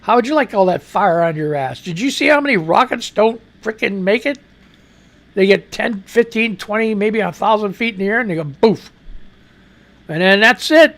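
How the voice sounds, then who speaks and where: A man's voice: sits high, animated, normal speed, gravelly, fairly bright tone. A man hosting a live radio news show, rambling and reading listener comments with profane asides and an American accent. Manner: rambling, profane, exclaiming and laughing.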